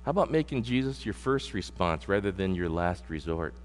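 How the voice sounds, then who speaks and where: A middle-aged man preaches to his congregation. He hits points hard and loud, then drops low and slow to read scripture. His voice rings with a long hall reverb over a faint electrical hum. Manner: animated preaching with sudden loud emphasis and slowed scripture reading. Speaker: pastor. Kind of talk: sermon.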